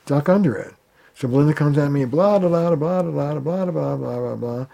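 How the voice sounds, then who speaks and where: A man's voice: a little high, normal speed, vocal fry. A man, a family therapist, talking in an interview and acting out the arguments he quotes. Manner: animated, acts out quoted arguments. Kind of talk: conversational interview.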